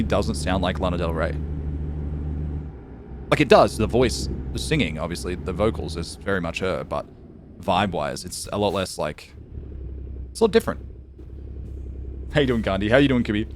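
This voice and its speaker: A man's voice: fairly low pitch, lively intonation, moderate pace, pauses often, noisy background. A man streaming a driving game, chatting casually and rambling to his chat with frequent laughs.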